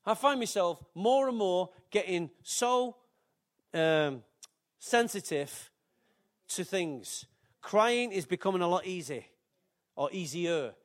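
A man's voice: high-pitched, animated, takes it slowly, pauses often. An older man, preaching a sermon in a chatty, joking way with asides to the congregation. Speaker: pastor.

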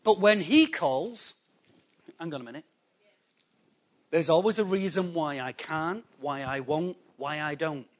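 A man preaching a sermon to a congregation, animated and conversational, acting out people's excuses in quick quoted voices. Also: on the high side. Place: church hall before a congregation.

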